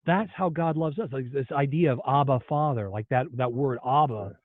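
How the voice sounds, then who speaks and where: A man's voice: mid-range voice, normal speed, no echo. A man hosting a podcast who chats casually and prompts his guest with questions. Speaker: podcast host. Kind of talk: casual interview chat. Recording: tinny phone-like remote line.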